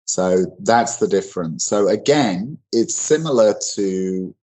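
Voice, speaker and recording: A man's voice: fairly low pitch, lively intonation, takes it slowly, dark tone, low-quality recording. A man teaching English grammar in an online lesson, explaining in a loose conversational way with many fillers and restarts.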